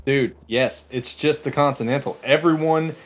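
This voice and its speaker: A man's voice: medium pitch, normal speed, muffled recording. A man co-hosting a casual film chat, swearing freely and laughing often. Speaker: podcast co-host. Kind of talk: casual chat about a film over beer.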